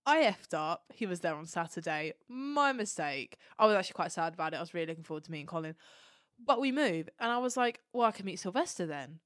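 A woman's voice: lowish voice, fast talker, dry recording. Gushing woman podcast host, dry close sound. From Turkish heritage. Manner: gushing, animated storyteller who swears casually. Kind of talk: casual chat.

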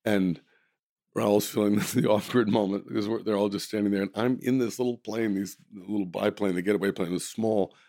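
Man, low gravelly voice, rambling amused storytelling, dry close sound. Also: steady tone, a little fast, hardly any pauses, mellow, dry recording. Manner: rambling, self-correcting, amused. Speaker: actor guest. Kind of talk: casual anecdotal storytelling.

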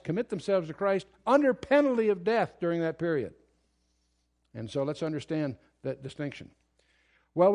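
Male Bible teacher, fairly high voice, emphatic lecturing delivery with frequent restarts. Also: darkish tone. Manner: earnest, emphatic, with restarts and asides. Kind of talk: verse-by-verse Bible study lecture.

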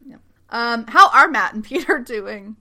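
A woman co-hosting a casual show recap, animated and acting out characters in quick put-on voices. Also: fairly high pitch. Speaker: podcast co-host.

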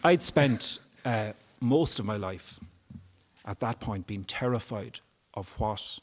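His voice is on the low side and he takes it slowly, a guest being interviewed at a live event who recounts a personal story frankly and emotionally, swearing without restraint before the audience.

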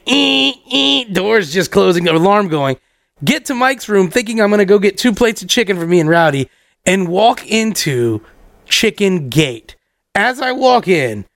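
Man, young adult, podcast host, high gravelly voice, profane animated storytelling, dry close sound. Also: no room sound. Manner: profane, acts out every voice in the story.

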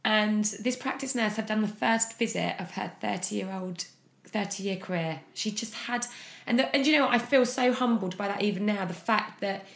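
A woman speaking as an interview guest, frank and open in a candid personal account, often pausing on fillers. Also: medium pitch, gravelly. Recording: echoey room.

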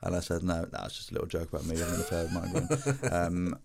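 A man with a lowish voice leads a casual podcast chat. He moves the topics along, teases his co-host and brings quotes to life as he retells them. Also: lively intonation, fast, vocal fry, a little mellow. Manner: teasing, leads the talk, acts out quotes.

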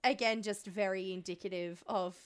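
A woman's voice: mid-range voice, steady tone, moderate pace, smooth. A young woman co-hosting a podcast in casual chat, laughing often and swearing freely. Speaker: podcast co-host.

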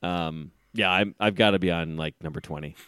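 Smooth-voiced joking man in his forties. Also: sits low, a little fast, a bit bright, no room sound, clean studio sound. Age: 40s. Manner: joking, swears freely, laughs often. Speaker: podcast co-host. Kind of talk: casual chat.

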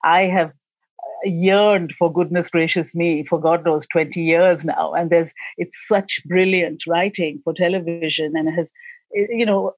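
A woman's voice: lowish voice, dry recording, rough recording. A woman, answering interview questions as a film director in a passionate, emphatic way with frequent restarts. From India.

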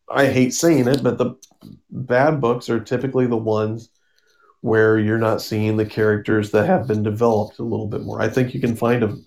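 A man's voice: lowish voice, level tone, moderate pace, a little mellow. A man casually summarizing a comic book story on a podcast, rambling with fillers and acting out the characters' lines. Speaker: podcast co-host.

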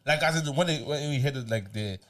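Young man from Ireland, mid pitch, very lively intonation, restarts sentences, casual podcast co-host. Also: fast talker, crowd noise. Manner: restarts often, laughing storyteller. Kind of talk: casual chat.

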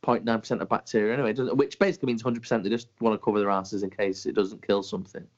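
A man's voice: lowish voice, fairly even intonation, very fast. A man, a podcast co-host who teases and swears in casual banter, sounding sceptical. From England. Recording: dull lo-fi sound.

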